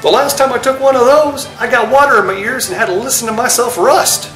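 A man's voice: very high voice, a bit bright, reverberant, soft background music, voice pushed up. A man voicing a goofy, wisecracking male robot dog hero who answers with punchlines. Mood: joking. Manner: punchline jokes, cheerful and quick.

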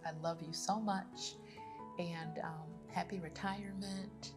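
A woman speaking in a slightly low voice, giving a heartfelt tribute as a daughter. She sounds affectionate and close to tears, with faint music playing behind her. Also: fairly even intonation, takes it slowly. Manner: emotional, affectionate, near tears.

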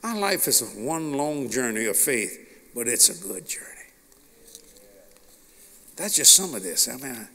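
Animated folksy preacher man. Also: mid-range voice, a little slow, long pauses. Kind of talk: sermon storytelling. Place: large meeting hall. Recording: long reverb of a large hall.

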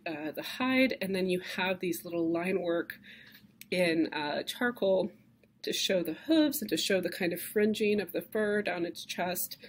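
Casting: woman in her thirties, lower voice, chatty and enthusiastic lecturer, lots of ums and uhs, faint hiss in the background. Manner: conversational, enthusiastic, with frequent fillers. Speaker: art history lecturer. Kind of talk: classroom lecture.

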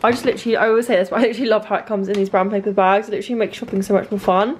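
A woman's voice: medium pitch, steady tone, racing, a little mellow, a little hiss or hum. A young woman chatting casually at home in a vlog, peppering her talk with "literally". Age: young adult. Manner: chatty, says "literally" constantly. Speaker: vlogger.

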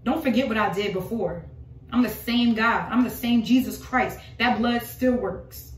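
A woman preaches an informal prophetic word with emphatic, repeated phrases and pointed rhetorical questions. Her fairly high voice carries through a roomy space. She sits some distance from the microphone. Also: measured pace. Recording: roomy voice from off the mic.

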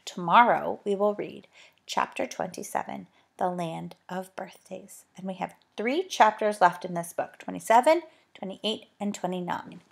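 A woman teacher reading a children's book aloud in an expressive, animated way. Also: medium pitch, unhurried, vocal fry.

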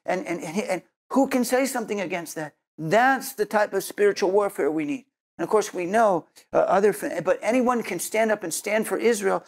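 Expressive and high-voiced, a man at normal speed delivers an earnest Messianic Jewish sermon that ends in prayer. Words often get repeated as he works toward what he means.

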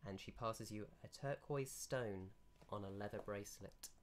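A man narrating as game master of a tabletop game, in a measured, descriptive way. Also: on the low side.

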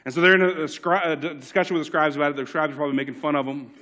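Male pastor, sermon, slightly high voice, emphatic then hushed delivery, repeats lines for emphasis. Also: fairly even intonation, racing. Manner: dynamic preaching, swings from loud emphatic lines to hushed ones; repeats key lines for emphasis, acts out quotes. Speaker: lead pastor.

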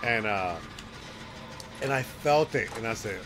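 A man streams a horror game over game music and a noisy background, chatting, laughing often and trash-talking playfully while he tells stories and comments on the play. His voice is on the low side, measured in pace, with lively intonation.

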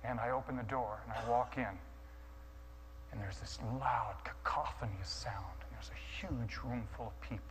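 A man's voice: medium pitch, normal speed. A man telling a dramatized sermon story, acting out his own thoughts with stammering restarts, heard in an echoey hall with a faint hum. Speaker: guest speaker.

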